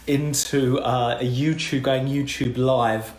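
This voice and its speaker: A man's voice: mid-range voice, little pitch movement, slow pace, darkish tone. A man co-hosting a live-streamed coffee morning from home, chatting in a jokey, rambling way. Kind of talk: casual chat. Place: home room. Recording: echoey room, faint background noise.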